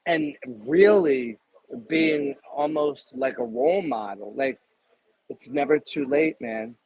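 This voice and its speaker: A man in his fifties, a guest in a casual interview, talking in an emphatic, salesy pitching way. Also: husky, muffled recording. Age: 50s.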